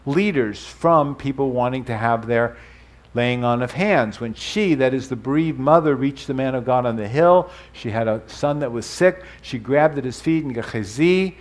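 A man's voice: medium pitch, moderate pace. A man preaching a sermon to his congregation, explaining terms as he goes and adding light asides. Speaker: pastor.

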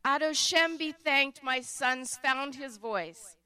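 A woman voicing an emotional father who bursts out loudly, in a storybook reading. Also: on the high side, lively intonation, slow, pitched above the performer's own voice, full character voice. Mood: exclaiming. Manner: loud, emotional outbursts. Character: emotional, overjoyed then stricken father.

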